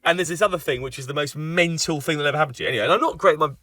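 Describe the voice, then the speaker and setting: A man's voice: fairly high pitch, racing, sharp tone, dry recording, distant mic. A man recording a film commentary, telling a self-deprecating anecdote in casual chat. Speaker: film writer giving commentary.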